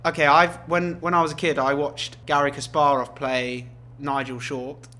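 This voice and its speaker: A man banters on a casual comedy podcast, laughing easily as he rambles through jokey stories. His voice sits a bit high and sounds bright. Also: little pitch movement, moderate pace. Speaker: podcast co-host.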